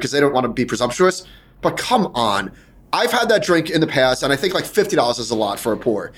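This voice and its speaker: A New York man co-hosting a podcast in casual chat. His voice sits a bit high for a man, and he talks with plenty of emphasis, often jumping in before others finish. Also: big pitch swings, a little fast. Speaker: podcast co-host.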